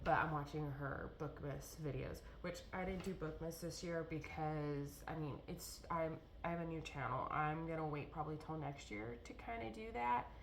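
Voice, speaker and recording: A young woman with a low voice talks through her day in a loose, rambling vlog. She fills her talk with ums and restarts, over a faint hum of background noise. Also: moderate pace, vocal fry, hardly any pauses. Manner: rambling, chatty, lots of fillers and restarts. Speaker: vlogger. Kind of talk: casual vlog chat.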